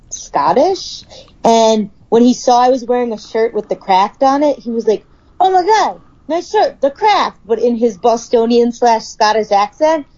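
A woman's voice: fairly high pitch, warm tone, muffled recording. A woman in her thirties, a podcast co-host in casual chat, blunt and swearing, laughing often. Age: 30s.

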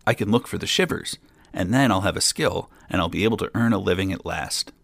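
Male reader as naive fearless farm boy, guileless and plain, gravelly, storybook. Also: low-pitched, fairly quick, a bit bright, dry recording, studio quality, full character voice. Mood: earnest.

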